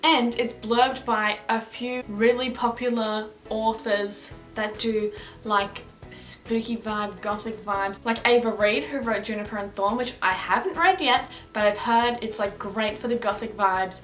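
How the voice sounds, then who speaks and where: A woman's voice: a little high, a little slow, a bit bright, faint music behind. A young woman with an Australian accent, chatting casually and upbeat through a book review vlog, rambling with fillers. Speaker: book vlogger.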